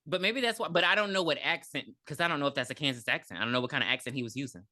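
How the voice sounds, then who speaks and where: A woman's voice: sits low, rapid-fire, pushed and bright. A woman co-hosting a podcast, chatting and joking her way through a movie recap. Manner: chatty and joking, with many restarts. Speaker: podcast co-host. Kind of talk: casual movie recap chat.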